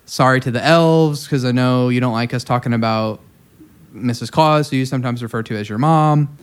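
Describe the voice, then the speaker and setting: Male podcast co-host, crude riffing comedian, clean smooth tone. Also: medium pitch, fairly quick. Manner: raunchy, jokey riffing.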